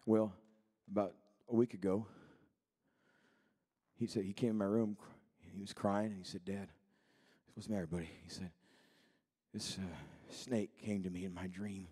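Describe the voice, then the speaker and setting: A man in his thirties preaching a sermon in a church, moving between quiet storytelling and shouted, fervent preaching. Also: low-pitched, little pitch movement, moderate pace, husky. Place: church sanctuary.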